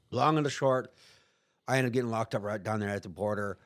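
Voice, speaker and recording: A man's voice: medium pitch, fairly even intonation, brisk. A man telling a story in casual chat, rambling and profane, acting out quotes in put-on voices. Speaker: guest.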